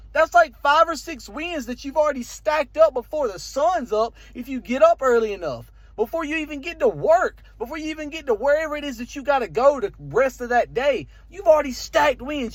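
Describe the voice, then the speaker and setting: A young man with a Southern country accent and a slight lisp, giving a fast, emphatic motivational talk to camera. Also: extremely high pitch, no room sound. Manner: fast, emphatic, repetitive preaching rhythm. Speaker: vlogger.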